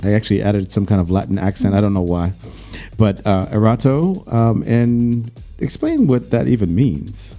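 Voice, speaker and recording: A man hosting a radio interview in a studio, chatty and relaxed, restarting his questions as he goes. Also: fairly low pitch, normal speed, few pauses, soft background music. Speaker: radio show host. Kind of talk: casual interview.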